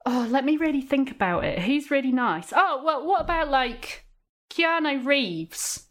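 A woman's voice: high-pitched, expressive, measured pace, a bit bright. Giggly rambling woman guest. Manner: giggly, rambling, lots of fillers. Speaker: podcast guest, comedian. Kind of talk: casual chat.

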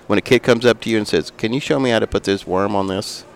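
Animated low-voiced male storyteller. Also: fast talker, vocal fry, a little hiss or hum. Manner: animated storyteller with sound effects. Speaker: fishing guide and fly maker. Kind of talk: storytelling in a casual interview.

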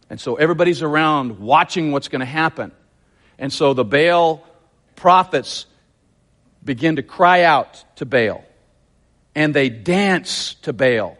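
A man preaching a sermon, retelling a scripture story with lively, acted-out quotes. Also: a little high, a little slow, pauses often. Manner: animated, acts out quotes in a raised voice. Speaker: pastor.

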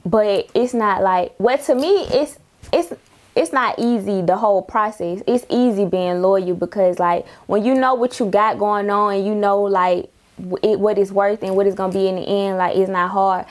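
A woman's voice: medium pitch, moderate pace. A young woman rapper talking in a casual interview, telling stories in a laid-back way with slang and laughter.

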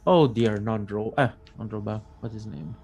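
A man voicing an eccentric, slightly crazed old male researcher with a creaky, fussy voice, in a tabletop game. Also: on the low side, moderate pace, mellow, lo-fi sound, soft background music. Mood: fussing. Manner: rambling to himself, then bossy and self-important.

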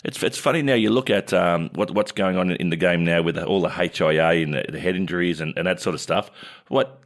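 A man's voice: low-pitched, brisk. A man hosting an interview, asking questions with brief agreeing replies in between. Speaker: host. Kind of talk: casual interview.

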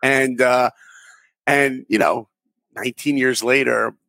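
A man in his forties, an interview guest who tells animated stories and acts out the dialogue in them. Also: medium pitch, slow pace, vocal fry, no echo. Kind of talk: conversational storytelling.

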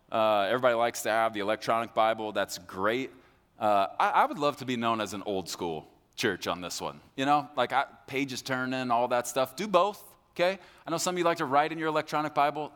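Recorded live in a church hall with long reverb, a male pastor delivers a conversational sermon. His voice is medium-pitched and fairly bright, and he acts out the voices of his listeners.

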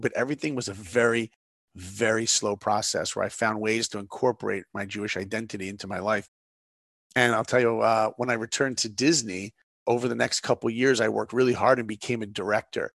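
A man telling personal stories in an interview, animated and emphatic. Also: mid-range voice, dry recording, studio quality. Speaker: guest storyteller. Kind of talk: storytelling interview.

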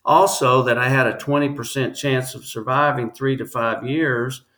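As a guest on an interview podcast, a man shares a personal story earnestly but haltingly, restarting many times. His voice is medium in pitch, fairly even in intonation and fairly bright in tone.

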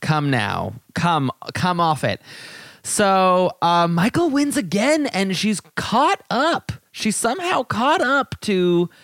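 A man's voice: high voice, sing-song, fairly bright tone, no room sound, clean studio sound. Giggly man hosting a podcast. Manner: giggly, eager, quick to agree. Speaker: podcast host. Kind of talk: casual chat.

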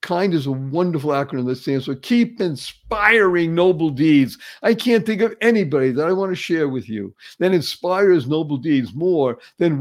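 A man's voice: a little high, expressive, moderate pace, few pauses. A man hosting a motivational talk show, enthusiastic and effusive, repeating phrases for emphasis. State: paralyzed for years. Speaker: show host.

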